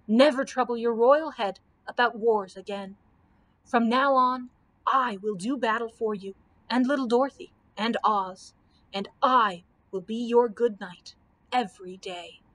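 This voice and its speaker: A woman's voice: a little high, unhurried, fairly bright tone. A woman reading aloud as a gallant, old-fashioned male knight who speaks in courtly words. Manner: courtly, impulsive.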